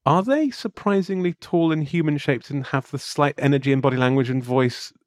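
A man's voice: on the high side, brisk, no echo, studio quality. A man co-hosting a comedy chat podcast, riffing on ideas and laughing often. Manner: riffing, bursts into laughter, puts on silly voices. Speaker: podcast co-host.

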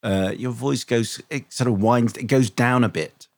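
A man's voice: mid-range voice, moderate pace, no echo. Wry, self-deprecating male co-host, dry studio sound. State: voice tired and failing. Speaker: podcast co-host, radio presenter. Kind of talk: casual chat.

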